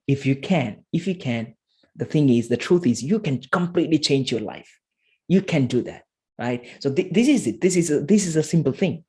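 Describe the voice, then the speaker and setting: Man, motivational talk, emphatic, repeats himself, soft slow guidance. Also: on the high side, lively intonation. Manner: repetitive, emphatic, slows to soft guiding tones. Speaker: motivational speaker. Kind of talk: motivational talk with a guided exercise.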